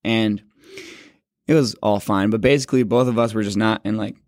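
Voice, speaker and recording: A man's voice: lowish voice, steady tone, a little mellow, dry recording, clean studio sound. A man of twenty casually telling his faith testimony. He rambles, fills his talk with "like" and corrects himself as he goes. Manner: rambling, heavy use of "like", quick self-corrections. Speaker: speaker sharing a faith testimony. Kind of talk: casual personal storytelling.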